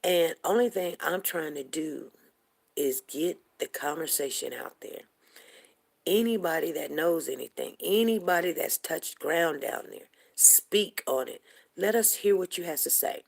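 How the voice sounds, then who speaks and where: A woman's voice: low voice, animated, unhurried, vocal fry. A woman hosting a livestream show, talking heatedly and emphatically and repeating herself to drive her points home. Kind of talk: impassioned livestream commentary.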